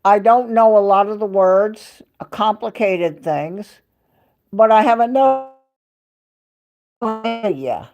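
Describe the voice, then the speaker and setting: A woman's voice: medium pitch, slow, long pauses, highs cut off. An older woman hosting a casual live chat from home, rambling and dropping in bits of Spanish and French. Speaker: livestream host.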